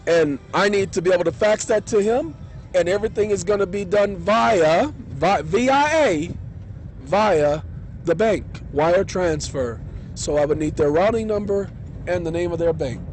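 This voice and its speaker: A man's voice: high-pitched, moderate pace, a little mellow, slight background noise. A man vlogging from his car, telling a rambling story in an indignant, boastful way. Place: in his car, parked in a driveway. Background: car radio song playing.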